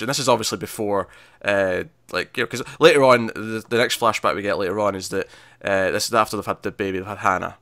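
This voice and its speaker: A man's voice: lowish voice, quick pace, fairly bright tone, no room sound, studio quality. A man co-hosting a casual TV review chat, recapping scenes animatedly with frequent laughs and restarts. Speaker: podcast co-host reviewing a TV episode.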